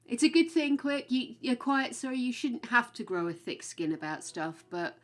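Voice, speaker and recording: A woman's voice: a little high, big pitch swings, normal speed, soft background music. A woman chatting casually with her stream viewers, frank and chatty, swearing now and then. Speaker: game streamer.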